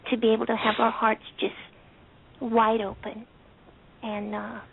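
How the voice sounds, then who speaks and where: Woman on a phone call, breathy voice, soft and halting and heartfelt, tinny lo-fi line. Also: a little high. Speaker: caller. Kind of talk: emotional call-in testimony. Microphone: telephone.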